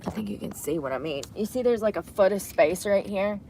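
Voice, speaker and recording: A woman's voice: mid-range voice, animated, fairly quick, creaky, very noisy. Chatty woman vlogging. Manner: chatty, drops to soft mutters and whispers. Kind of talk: casual vlog talk to camera. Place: inside a vehicle bed at night.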